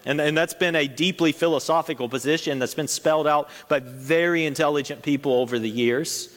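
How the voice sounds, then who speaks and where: A man's voice: medium pitch, long reverb tail. A man preaching a sermon as pastor, earnest, his voice rising to stress each point.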